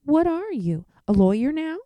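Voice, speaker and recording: A woman's voice: mid-range voice, fairly even intonation, moderate pace, creaky, dark tone, dry recording, natural voice. A woman voicing an exasperated mother who talks in a firm, bossy way.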